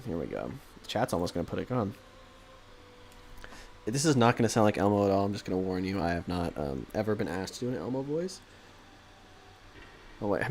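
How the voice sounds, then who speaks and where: Lively low-voiced man chatting on stream. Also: a little hiss or hum. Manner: rambling, self-deprecating, hesitant with many ums. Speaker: game streamer. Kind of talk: casual live-stream chat with viewers. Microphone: desk microphone.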